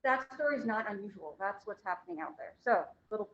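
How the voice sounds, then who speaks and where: A woman's voice: medium pitch, animated, fast talker. A woman real estate agent sharing news at a club meeting, chatty and joking. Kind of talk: casual announcements. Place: meeting room. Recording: echoey room, dull.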